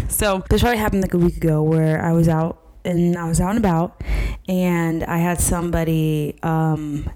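A young woman talks into a close mic, hosting her own podcast in a loose, chatty way. Her voice sits fairly low for a woman, and the sound is dry with no room around it. She tells stories in an animated rush, full of likes and asides. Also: dry recording, rough recording. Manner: chatty, animated storytelling with many fillers. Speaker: podcast host. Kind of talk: casual faith-based podcast monologue.

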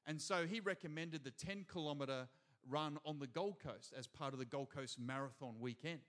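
A man with an Australian accent preaching a sermon to a church congregation, energetic and calling out to the crowd. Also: on the high side, normal speed. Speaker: pastor. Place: church hall before a congregation.

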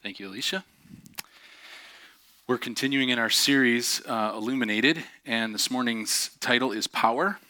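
A man's voice: mid-range voice, moderate pace, bright, forceful tone, no room sound. A man preaching a sermon as a pastor, telling a story in a casual, self-deprecating way with many fillers and restarts.

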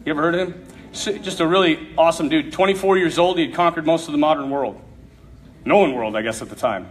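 A man's voice: fairly high pitch, fast. A man giving an emphatic, conversational sermon-style talk to a young audience, with humor mixed in. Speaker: speaker addressing a youth audience.

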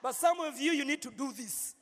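A man's voice: very high voice, a little fast, fairly bright tone. A man preaching as a pastor, playful and joking with his congregation, repeating words as he preaches in a large church. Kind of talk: sermon. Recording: long hall reverb.

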